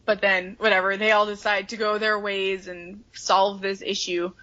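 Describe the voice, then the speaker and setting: A woman's voice: mid-range voice, level tone, normal speed, bright, forceful tone, lo-fi sound. A woman co-hosting a podcast, chatting casually and animatedly about a book, swearing freely and acting out the characters. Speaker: podcast co-host.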